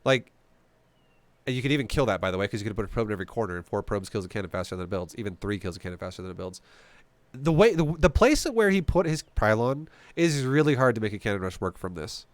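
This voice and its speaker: A man's voice: fairly low pitch, very animated, fast talker, no echo. A man giving casual, profane gameplay commentary, blunt and joking as he explains strategy. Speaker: game commentator.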